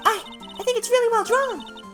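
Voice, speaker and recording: A man reading a cheerful little girl's lines in a high, sweet, excitable voice. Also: normal speed, soft background music. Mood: admiring. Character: cheerful little girl spirit medium.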